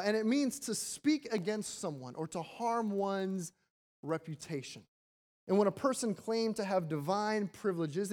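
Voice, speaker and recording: A pastor preaching a sermon in a relaxed, conversational way, reading scripture and then explaining it, often repeating words as they go. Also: mid-range voice. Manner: conversational, animated preaching with frequent repetitions.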